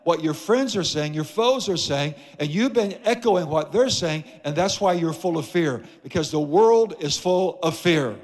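A man's voice: fairly high pitch, in a large hall. A man preaching a sermon as pastor in a church, emphatic with repeated phrases. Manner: emphatic, repetitive preaching cadence. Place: church sanctuary.

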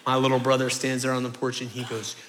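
A man in his thirties preaching a sermon, telling a story in lively fashion and repeating phrases for rhythm. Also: mid-range voice, quick pace, slight background noise. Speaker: pastor.

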